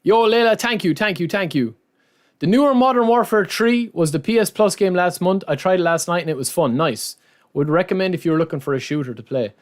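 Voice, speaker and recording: A man's voice: high voice, expressive, a little fast. A man live-streaming, chatting casually to his viewers and often calling them lads and man.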